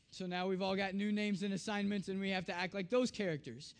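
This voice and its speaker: A man preaching in a storytelling style, acting out family dialogue with animated voices and dropping soft and low on tender, reflective lines. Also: fast talker, few pauses. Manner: animated, acts out his daughter's lines in a raised voice. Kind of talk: storytelling sermon.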